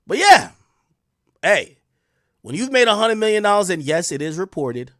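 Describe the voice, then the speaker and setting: Male stream host with a high, bouncing voice, profane and excitable, jumping from shouts to mutters, recorded dry. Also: moderate pace, long pauses, no echo. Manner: animated, profane and excitable, swinging between loud outbursts and mutters. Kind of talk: casual storytelling on a live stream.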